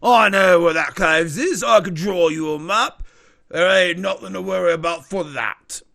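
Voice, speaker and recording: A man's voice: high-pitched, moderate pace, vocal fry, a bit bright, voice pushed up. A man voicing a shady male information broker who haggles hard and brags about being a man of business. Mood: insistent. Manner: rude, pushy salesman bluster.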